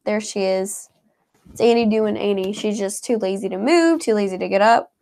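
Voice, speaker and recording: Woman co-hosting, reads viewer comments, lots of like and um, bit of a gravelly fry in her voice. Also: mid-range voice, moderate pace, darkish tone. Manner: chatty, heavy on filler words like "like" and "um". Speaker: co-host reading viewer comments. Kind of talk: casual live chat.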